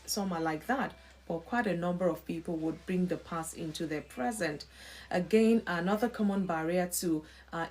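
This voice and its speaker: A woman hosting a live-stream talk on emotional health, speaking in an expressive, preacher-like way with lively emphasis. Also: lowish voice. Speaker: host.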